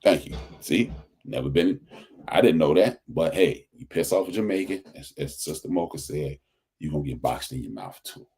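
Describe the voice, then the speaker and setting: Low husky man preaching pride. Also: animated, moderate pace, darkish tone. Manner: preachy, emphatic, repeats phrases for stress. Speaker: podcast host. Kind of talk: casual commentary monologue.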